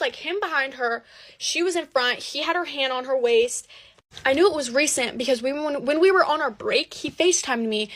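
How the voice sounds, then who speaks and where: A teenage girl telling a dramatic personal story in a chatty, animated way, full of "like" fillers. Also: high-pitched. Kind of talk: casual storytime.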